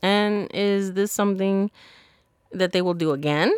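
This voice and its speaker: A woman's voice: mid-range voice, unhurried, clean tone, dry recording, clean studio sound. A woman hosting a solo podcast, giving blunt, profane, sassy advice in a casual monologue. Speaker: podcast host.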